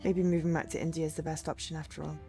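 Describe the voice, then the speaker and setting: A woman's voice: low voice, flat delivery, racing, dark tone, faint music behind. A woman reading the lines of a young father in a story game, hesitant and deferential. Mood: worried. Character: anxious young father, polite and earnest.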